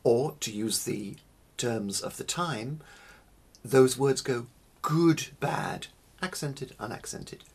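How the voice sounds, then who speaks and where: A man teaching early music in a slow, deliberate spoken lecture, stressing single words and pausing between them. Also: mid-range voice, creaky, husky.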